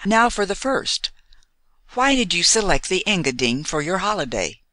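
Proud young Englishwoman, read by an audiobook narrator; lively, bright, crisp. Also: mid-range voice, normal speed, dry recording, voice pushed up. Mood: teasing. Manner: lightly teasing, bright. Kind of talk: audiobook dialogue reading.

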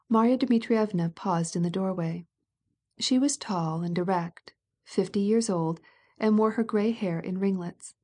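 A woman narrating a classic novel as an audiobook, in a calm, measured, even manner. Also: mid-range voice.

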